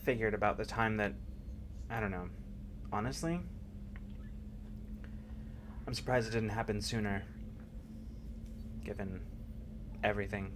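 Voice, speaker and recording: Slow, low-voiced male game master. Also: fairly even intonation, background noise. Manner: halting, thoughtful narration. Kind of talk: narrating a tabletop game.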